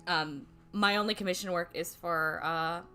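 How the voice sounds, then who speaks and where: A woman's voice: on the low side, steady tone, moderate pace, pushed and bright, soft background music. A young woman chatting casually on a livestream, rambling and self-deprecating, with casual swearing and frequent laughs. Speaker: streamer and voice actor.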